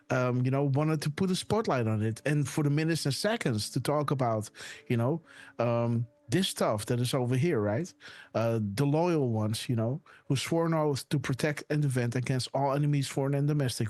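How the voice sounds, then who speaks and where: A man hosting a casual live stream, talking excitedly and tossing "right?" and "guys" into nearly every sentence. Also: mid-range voice, no echo. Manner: excited whoops and laughs. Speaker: host. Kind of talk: casual livestream commentary.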